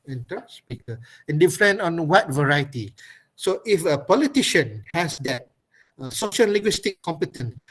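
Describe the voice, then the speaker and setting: A man's voice: fairly high pitch, low-quality recording. Filler-heavy Malaysian man lecturing online. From Kedah, Malaysia. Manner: rambling, filler-heavy, with laughs and drawled demonstrations. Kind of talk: webinar lecture. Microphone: video call.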